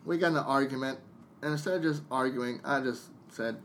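A man's voice: mid-range voice, a little fast, a bit bright, a little hiss or hum. A man who works as a DJ, a guest on a casual podcast, venting a story bluntly with plenty of swearing and acted-out bits of dialogue. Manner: venting, blunt and profane, jumping into quoted dialogue.

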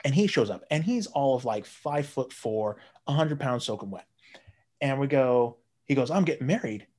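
A man's voice: medium pitch, animated, moderate pace, darkish tone. A man casually telling a long, profane story, jumping into raised voices when he quotes his friends. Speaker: guest storyteller.

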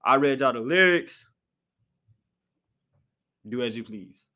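Animated man with sharp high outbursts. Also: takes it slowly. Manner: animated, jumps into sharp high outbursts then drops to low mutters. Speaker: podcast host. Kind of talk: casual solo podcast chat. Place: apartment room.

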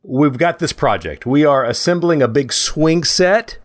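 A man's voice: on the high side, lively intonation, measured pace, dry recording, studio quality. A man co-hosting a casual chat podcast, explaining ideas through playful hypotheticals with light chuckles. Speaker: podcast co-host.

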